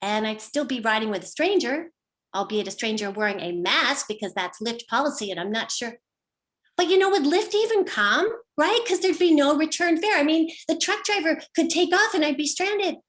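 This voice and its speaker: A woman's voice: high voice, expressive, normal speed, fairly bright tone. A middle-aged woman performing a personal story with wry, dry humor, slipping into quoted voices now and then. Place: home, online show.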